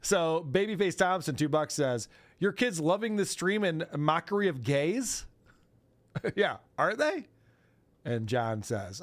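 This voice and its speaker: Male podcast host, lively and mocking, slightly high voice. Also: slow. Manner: mocking, laughing, mimics voices. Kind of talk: casual commentary on clips.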